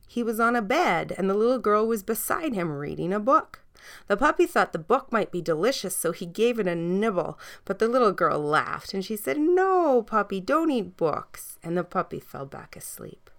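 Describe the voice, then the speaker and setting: A woman reading a children's story aloud, gentle and soft, sometimes dropping almost to a hush. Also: on the low side.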